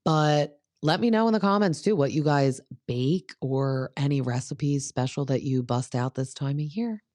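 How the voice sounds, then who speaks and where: A woman's voice: deep voice, normal speed, darkish tone, no room sound, studio quality. A woman hosting a podcast in a casual gossip chat, talking in a chatty, sarcastic, rambling way with lots of asides. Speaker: podcast host.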